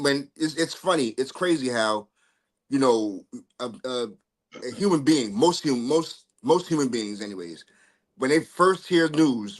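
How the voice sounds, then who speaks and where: A mid-pitched man chatting on a casual podcast. He speaks candidly but hedges his words, careful not to sound disrespectful. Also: a bit bright. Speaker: podcast co-host.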